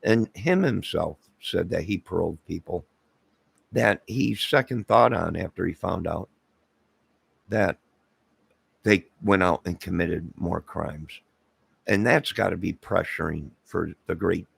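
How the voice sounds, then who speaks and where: This Illinois man hosts his own channel, offering a rambling, casual commentary monologue packed with fillers and asides. His deep, very gravelly and husky voice moves slowly, broken by long pauses, and there is no room sound.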